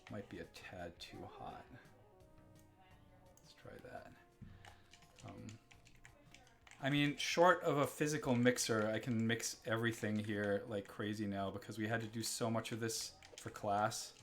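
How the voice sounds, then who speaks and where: A man's voice: fairly low pitch, measured pace, long pauses, fairly bright tone, soft background music. A man from Germany hosting a live game stream, chatting casually and rambling between reading chat messages. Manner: chatty, rambling, reads chat aloud and laughs often.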